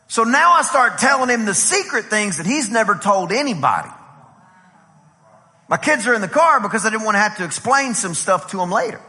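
A high-pitched man preaches a conference sermon in a lively storytelling style, repeating "I said" as he acts out conversations. His voice is bright and ringing, and a long hall reverb trails behind it. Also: brisk. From Texas. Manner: lively, repeats "I said" while acting out dialogue. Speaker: pastor.

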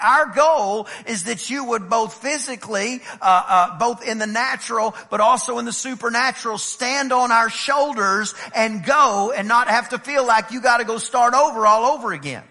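A middle-aged man preaching a sermon as pastor, emphatic and swinging from loud declarations to low, intimate asides. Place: church sanctuary. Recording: long hall reverb in a church.

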